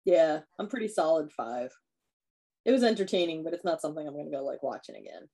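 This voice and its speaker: Woman podcast host rambling thru a movie plot, lowish mellow voice, lots of um and like. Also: lively intonation, quick pace, creaky. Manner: chatty, acts out characters' lines with lots of fillers. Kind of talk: casual chat, retelling a horror film plot.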